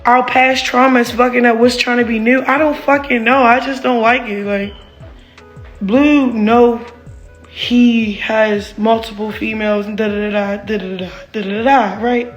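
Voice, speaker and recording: A woman's voice: a little high, fairly even intonation, unhurried, soft background music. A woman venting about her relationship in a candid, rambling monologue, heated and full of swearing and "like". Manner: rambling, heated, profane, heavy use of "like".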